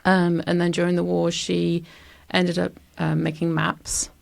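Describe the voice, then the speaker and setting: A woman's voice: lowish voice, monotone, unhurried, vocal fry. A woman from England with an English accent, chatting casually as a guest on an interview podcast, laughing often and self-deprecating. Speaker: guest artist.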